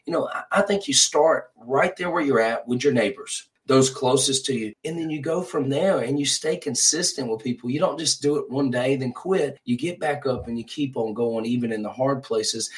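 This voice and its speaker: A man's voice: medium pitch, normal speed, few pauses, poor audio. A man who is a pastor, talking earnestly as a guest in an interview, with a preacher's rhythm and frequent repeated words. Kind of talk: conversational ministry interview.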